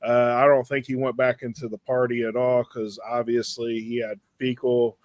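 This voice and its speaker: A man's voice: medium pitch, normal speed, no room sound. Podcast co-host, male, rambling crude storyteller, dry close sound. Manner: rambling, animated anecdote with crude language. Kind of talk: casual storytelling chat.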